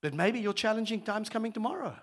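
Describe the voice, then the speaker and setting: A man preaching as a guest speaker, lively and humorous, moving between loud exhortation and quiet asides. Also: sits high, fast, a little hiss or hum. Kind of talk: sermon.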